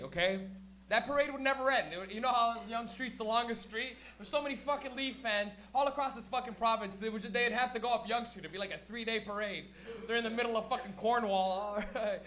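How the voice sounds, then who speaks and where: Male stand-up host, crude and rambling, acts out bits; high, bright voice. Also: fairly quick. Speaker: stand-up comedian and show host. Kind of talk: live stand-up comedy. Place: comedy venue before a live audience.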